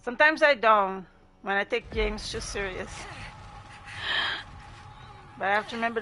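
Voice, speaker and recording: A woman's voice: medium pitch, normal speed, long pauses, noisy background. A woman chatting casually with her viewers while livestreaming gameplay. She laughs often and greets people in chat by name. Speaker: gaming livestreamer.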